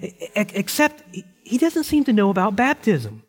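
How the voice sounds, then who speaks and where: A man's voice: high voice, sing-song, moderate pace, voice pushed up, exaggerated voice. Chatty curious woman, as a preacher puts her on. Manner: chatty, stammering. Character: curious, friendly woman in a congregation. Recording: long reverb in a large hall.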